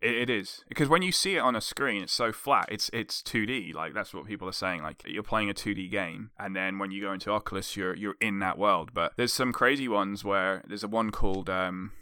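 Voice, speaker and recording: A man's voice: on the low side, a little fast, hardly any pauses, sharp tone, clear, resonant tone, no echo. A man co-hosting a casual podcast chat, rambling and laughing often. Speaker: podcast co-host.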